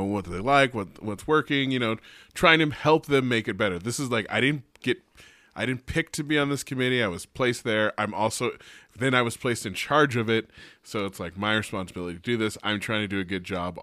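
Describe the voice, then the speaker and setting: A man's voice: lowish voice, bright, forceful tone, dry recording, clean studio sound. A young man, a teacher and podcast co-host, ranting with profane exasperation in a casual chat.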